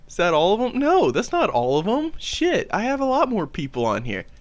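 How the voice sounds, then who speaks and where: A man's voice: high-pitched, wildly swooping pitch, a little fast. A man, a comedy YouTuber, talking casually with mumbled, laughing asides.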